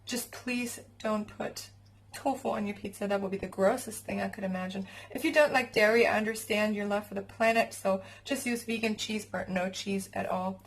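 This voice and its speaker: A woman from Germany, a home cook vlogging in her kitchen, chatty and excitable as she talks viewers through cooking. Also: mid-range voice, normal speed, rough recording. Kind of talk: casual cooking vlog.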